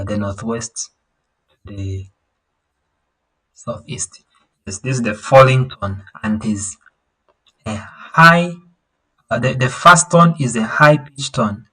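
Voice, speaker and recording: A man teaching a language lesson over a video call, patiently explaining and singing out vowel sounds to show the tones, with halting restarts. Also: on the low side, fairly bright tone, rough recording. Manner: patient, repeats himself and sings out vowel sounds to demonstrate tones; halting, with many fillers and restarts.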